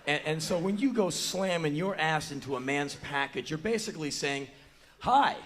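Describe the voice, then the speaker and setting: A man in his forties telling a long comic story live on a theater stage, animated and breaking into loud yelps and acted-out quotes. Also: on the high side, normal speed, a little hiss or hum. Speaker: spoken word performer. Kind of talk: live spoken word storytelling. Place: large theater stage before a live audience.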